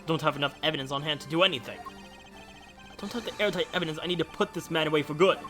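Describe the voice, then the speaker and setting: A woman voicing a composed, formal male prosecutor who reasons deliberately in a game let's play. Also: low voice, music in the background, natural voice. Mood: deliberating.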